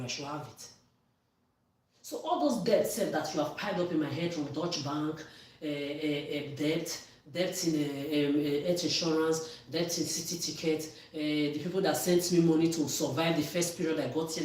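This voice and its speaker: A woman's voice: low voice, a little mellow, far from the mic. Woman ranting hard at the camera, cussing, mic way off, echoey room bouncing around. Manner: ranting, accusatory, swearing, often raising her voice. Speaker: vlogger. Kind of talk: angry monologue to camera.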